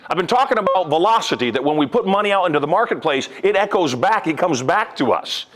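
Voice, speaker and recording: An older man, working as a hypnotist and motivational speaker, gives a live seminar talk in a large event room before an audience. His fast, animated, punchy delivery swings between loud emphasis and low asides.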